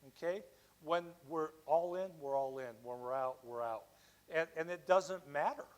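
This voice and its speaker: Man, fairly high voice, giving an animated, chatty Sunday sermon that keeps asking "okay?". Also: normal speed, rough recording. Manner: lively, conversational, often asks "okay?". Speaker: practitioner giving the Sunday talk.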